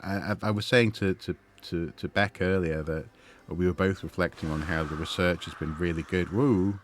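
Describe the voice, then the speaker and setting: A man's voice: sits low, steady tone, moderate pace, a little hiss or hum. A man streaming a game, chatting and musing with lots of fillers and restarts. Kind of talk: gaming livestream commentary.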